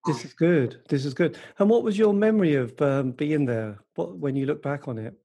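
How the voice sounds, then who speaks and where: Husky, mellow-voiced male interviewer. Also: a little high, animated, moderate pace. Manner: chatty, leading questions. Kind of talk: casual radio-style interview.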